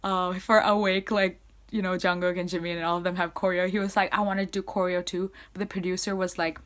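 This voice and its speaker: A young woman vlogger chatting casually and excitably, full of fillers, swinging between loud squeals and soft asides. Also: lowish voice, brisk. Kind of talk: casual fan recap to camera.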